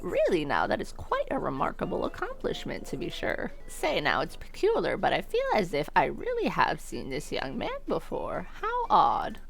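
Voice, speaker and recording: A kindly old cafe owner, as a woman reads him aloud in a lively, gravelly voice. He speaks politely and old-fashioned, in a low-set, bright tone, over faint game music. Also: normal speed, hardly any pauses, heavily acted. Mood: musing.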